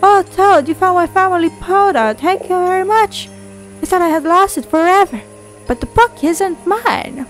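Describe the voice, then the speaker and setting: A sweet, eager little girl, voiced by a woman reading game dialogue. Her voice is pitched high and chirpy, full of hope. Soft game music plays faintly behind. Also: lively intonation, normal speed. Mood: delighted.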